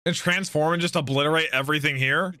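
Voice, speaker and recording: Man, anime reaction host, high voice, bright tone, excitable, slangy. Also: fast, faint music behind. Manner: excitable, thinks aloud, slangy.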